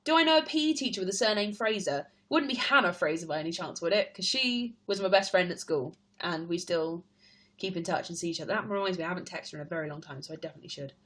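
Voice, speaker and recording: A woman's voice: fairly low pitch, expressive, fast, fairly bright tone. A young woman with an English accent, chatting on a live stream, reading out viewers' questions and laughing often. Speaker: stage performer live-streaming to fans. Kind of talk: casual live-stream chat answering comments.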